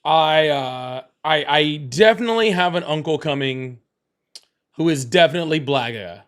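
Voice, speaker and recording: Guy rambling on a livestream, kinda high voice, keeps laughing and repeating stuff. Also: animated, moderate pace, fairly bright tone, clean tone. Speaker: livestream host. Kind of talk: casual livestream chat.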